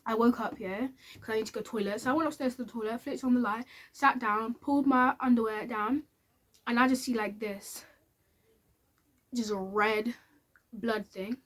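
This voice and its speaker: A woman's voice: on the high side, steady tone, normal speed, a bit bright. A woman telling a candid personal story to camera in a chatty, casual way. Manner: chatty and candid, with many fillers. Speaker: vlogger.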